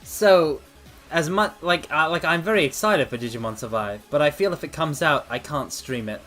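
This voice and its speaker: Dramatic, slightly high-voiced male streamer. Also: moderate pace. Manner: theatrical, addresses viewers as mortals; animated, swings between loud outbursts and mock apologies. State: out of breath. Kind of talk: casual chat. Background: faint background music.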